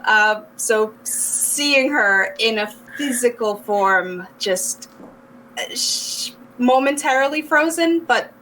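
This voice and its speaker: A woman at a tabletop game describes her character's actions in a hesitant, thoughtful way. Her voice sits fairly high for a woman. Faint noise runs underneath it. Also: animated, slow, pushed and bright, poor audio. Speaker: player.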